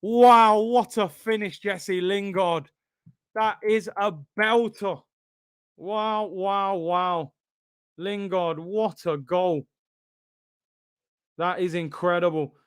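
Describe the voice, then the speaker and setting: A young man reacts live to a football match, his high voice jumping between chatty banter and excited shouts. His tone is smooth and clear, and it sits close and dry with almost no room sound. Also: slow pace, long pauses, no echo. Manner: excitable, shouts and repeats himself at big moments, banter with chat. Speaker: football watchalong streamer.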